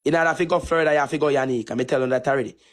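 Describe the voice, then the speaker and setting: A man's voice: medium pitch, very fast, fairly bright tone. A man with a Jamaican Patois accent delivering a repetitive, taunting insult rant on a live stream. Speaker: TikTok streamer.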